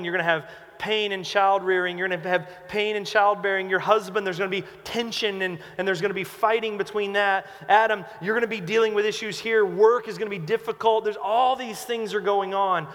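A male pastor with a voice that sits high preaches emphatically, swinging between loud, urgent lines and quiet, hushed ones, with a long reverb tail behind him.

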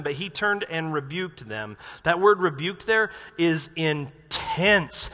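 High, bright-voiced preacher in a hall. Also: male voice. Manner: animated, acts out quotes with sudden loud outbursts. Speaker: pastor. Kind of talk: sermon. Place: church auditorium. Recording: reverberant church hall.

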